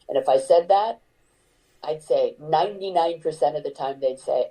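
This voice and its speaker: A woman's voice: sits low, fairly quick, warm tone, low-quality recording. An older woman, an actor, speaking candidly as an interview guest, earnest and reflective, with frequent fillers and restarts.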